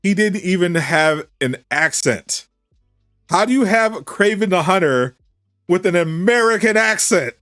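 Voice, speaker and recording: A man chatting casually as a streamer on a live reaction stream, animated and incredulous, firing off rhetorical questions. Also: sits high, measured pace, no echo, studio quality, soft background music.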